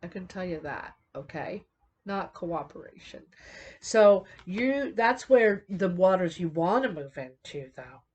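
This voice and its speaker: Middle-aged woman, tarot reader, low voice, unhurried, rambling delivery with frequent restarts. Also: animated, darkish tone, slight background noise. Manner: slow, meandering, many fillers and restarts. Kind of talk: unscripted tarot reading.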